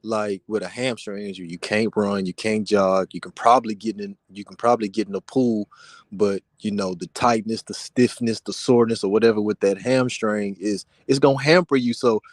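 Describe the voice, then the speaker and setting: Laid-back low-voiced man talking hoops. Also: steady tone, normal speed, no echo. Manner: laid-back slangy talk, says bro a lot. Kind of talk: casual basketball chat.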